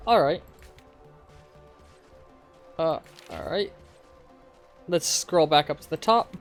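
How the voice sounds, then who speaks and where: A male streamer rambles casually through his game, talking to chat with loose, informal asides and the odd curse. His voice is a little higher than most men's, with faint music underneath. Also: animated, takes it slowly, creaky, pauses often.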